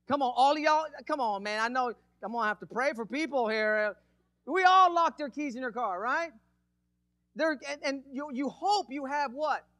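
A man preaching a lively sermon as pastor, calling out to the congregation and acting out a demonstration. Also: extremely high pitch, dry recording, studio quality. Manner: energetic, calls out to congregation. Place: church.

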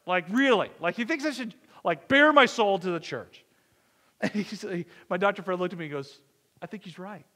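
A man's voice: high voice, expressive, normal speed, sharp tone. Man preaching in a reverberant church. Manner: conversational, self-deprecating humor, acts out dialogue. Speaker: pastor. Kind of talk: sermon storytelling. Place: church sanctuary. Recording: long reverb of a church hall.

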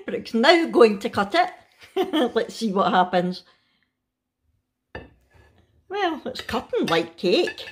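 A woman's voice: fairly high pitch, very animated, takes it slowly, pauses often. A Scottish woman chatting casually in a home kitchen for a family vlog, laughing often and cooing at pets. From Scotland. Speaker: vlogger.

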